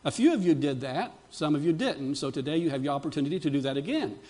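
A male pastor preaching a sermon to his congregation, building to emphatic, fervent peaks between quieter storytelling, with frequent restarts. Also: on the high side, lively intonation, quick pace.

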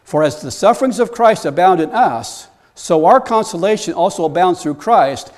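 A man preaching a sermon in a storytelling way, building up to loud, animated bursts. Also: high voice, normal speed. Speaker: pastor.

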